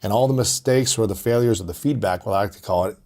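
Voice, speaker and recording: A man's voice: on the low side, fast talker, darkish tone. A man hosting a casual interview, asking curious, probing questions. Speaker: interview host, former athlete.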